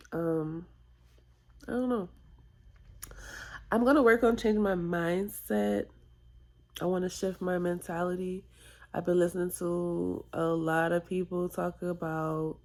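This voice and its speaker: A tearful woman vlogging a personal confession, halting and reflective, with sighs and whispered asides. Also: lowish voice, darkish tone. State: tearful, close to crying.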